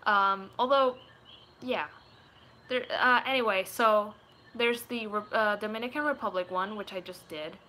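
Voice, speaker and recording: A woman's voice: medium pitch, measured pace, bright, forceful tone. A woman, chatting casually and rambling through viewer questions, giggling often. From Puerto Rico. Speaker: gaming YouTuber.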